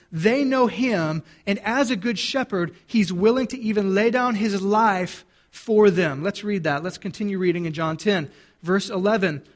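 A male pastor with a fairly high voice preaches a sermon to his church. He keeps it conversational, tossing questions to the congregation and answering them himself, and often restarts his sentences.

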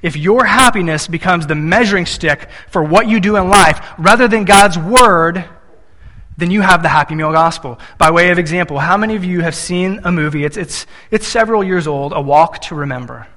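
A man's voice: high voice, moderate pace, sharp tone, long reverb tail. A man in his thirties preaching a sermon, telling family stories and acting out little voices when he quotes his son and wife. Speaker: pastor.

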